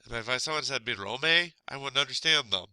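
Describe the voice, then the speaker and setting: Man teaching a casual lesson, stuffy nose, chatty asides, very bright and smooth voice, dry close mic. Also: mid-range voice, expressive, brisk, dry recording, poor audio. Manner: chatty, asides and little laughs.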